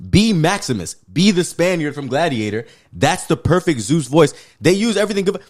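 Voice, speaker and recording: Animated, profane male podcast co-host. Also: on the high side, normal speed. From Pacific Islands. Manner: animated, profane, emphatic love-hate rants. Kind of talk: casual movie review chat.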